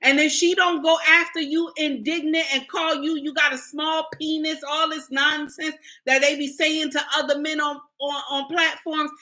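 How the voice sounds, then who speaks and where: Bluntly and preachily scolding her viewers, a middle-aged woman content creator rants in livestream commentary. Her high-pitched voice is bright and forceful, with flat delivery at normal speed and few pauses.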